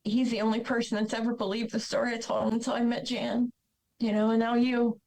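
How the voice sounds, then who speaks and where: A woman's voice: on the high side, level tone, brisk, creaky, darkish tone, low-quality recording. A young adult woman from Ohio, a podcast guest earnestly telling her personal story and acting out the dialogue she quotes. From Ohio, USA.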